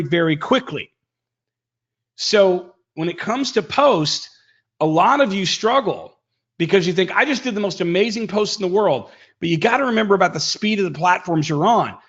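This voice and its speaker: A man teaches online marketing in a live webinar, sounding energetic and emphatic as he varies his pitch and pace for effect. The audio is dull.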